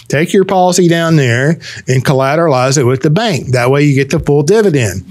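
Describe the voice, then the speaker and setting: A man's voice: on the high side, lively intonation, a little fast, darkish tone, dry recording, studio quality. A man hosting a podcast in casual chat, joking and explaining at length. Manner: joking, talks in long explanatory runs. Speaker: podcast host.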